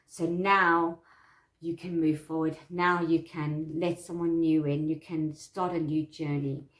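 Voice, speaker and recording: A woman's voice: deep voice, little pitch movement, a little slow, reverberant. A woman teaching tarot in a casual, reassuring way, repeating her points and laughing often. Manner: warm, repetitive, reassuring, with frequent laughs. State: itchy eyes from allergies. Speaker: tarot teacher and psychic medium. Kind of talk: casual instructional talk.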